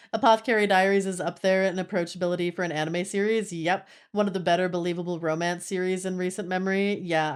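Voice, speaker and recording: A young woman streamer chatting casually with her viewers, gushing and giggling, with lots of "like" in her speech. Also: medium pitch. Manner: giggly, breaks into laughter. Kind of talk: casual chat with live viewers.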